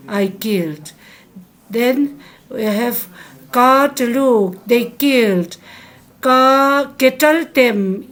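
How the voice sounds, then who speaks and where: Slow, patient woman teaching verb forms. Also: a little high. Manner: slow, repeats each verb form for students to echo. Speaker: Hebrew teacher. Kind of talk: recorded grammar lesson.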